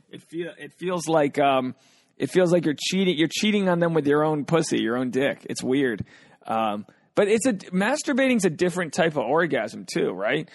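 A young man hosts his podcast alone in a casual, joking way, reading listener questions and riffing on them. His mid-pitched voice has a gravelly fry to it. The recording is dry and close, with no room sound. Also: dry recording. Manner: loose, joking, reads listener questions then riffs. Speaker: podcast host. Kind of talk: casual solo podcast talk.

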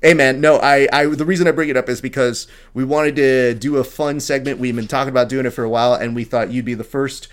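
A man's voice: medium pitch, steady tone, fast talker, few pauses, clean tone. A man co-hosting a grappling podcast, loose and joking, swearing casually as he talks with a guest. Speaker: podcast co-host.

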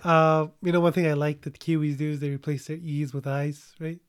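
A young man co-hosts a casual movie review chat, his voice sitting a little high. He rambles and jokes, often trailing off mid-sentence. The sound is dry and close, with no room around it. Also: flat delivery, brisk, clear, resonant tone, dry recording. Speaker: podcast co-host.

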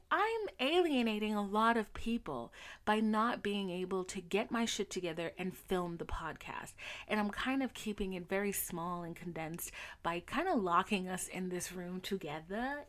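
A young adult woman hosting a solo podcast, chatting candidly with profanity and animated storytelling. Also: mid-range voice. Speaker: podcast host. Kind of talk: casual solo podcast chat.

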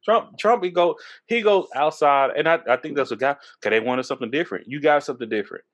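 A man from Texas in his thirties, hosting a podcast, talking politics in a loose, profane way and going high when he gets worked up, a little tipsy from drinking. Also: quick pace, lo-fi sound. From Texas, USA. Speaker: podcast host. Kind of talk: casual political chat.

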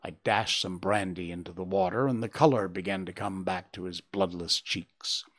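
A man reading a classic story aloud as narrator, with expressive, dramatic, measured storytelling. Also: low-pitched.

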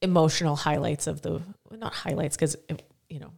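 Woman podcast cohost, deep with some vocal fry, lively storyteller vibe. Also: fairly quick. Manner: animated storyteller who acts out quotes. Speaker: podcast co-host and competition judge. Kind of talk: casual podcast chat.

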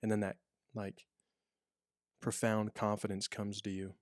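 Telling stories on a relaxed podcast, a prison officer rambles, full of restarts and fillers. He speaks a little slowly in a voice on the low side, with a flat delivery. The sound is clean studio audio, with no echo.

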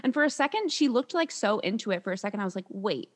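A woman's voice: on the high side, lively intonation, very fast. A young woman co-hosting a casual podcast, recapping a reality show in a chatty way full of fillers. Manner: chatty, filler-heavy, lots of "like" and laughter. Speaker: podcast co-host.

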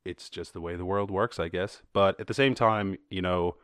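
An Irish man with a lowish voice hosts a podcast and rambles through the news in a loose, swearing style. He breaks off into jokes and sarcastic little voices, recorded close and dry with no room sound. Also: steady tone, moderate pace, dry recording. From Ireland. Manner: profane, joking asides and sarcastic voices. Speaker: podcast host. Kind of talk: casual news commentary.

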